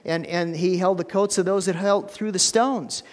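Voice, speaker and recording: A male pastor preaching a sermon in a church, telling stories with animated energy and stammered restarts. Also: high voice, moderate pace, big-room sound.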